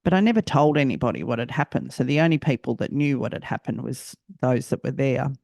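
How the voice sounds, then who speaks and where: Gravelly Australian woman telling her story. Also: a bass voice, animated, darkish tone, no echo. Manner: reflective, halting, repeats phrases. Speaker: podcast host. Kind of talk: personal storytelling podcast.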